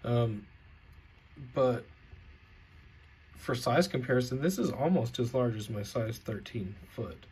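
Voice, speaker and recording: A man's voice: medium pitch, takes it slowly, long pauses, a little mellow, slightly rough. A man ranting in a vlog, angry and sarcastic, swearing heavily. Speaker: vlogger.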